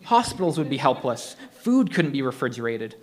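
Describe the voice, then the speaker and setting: A man's voice: mid-range voice, very animated, moderate pace, lightly acted. A man reading a story aloud, voicing an injured teenage boy who protests urgently. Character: hurt, earnest teenage boy.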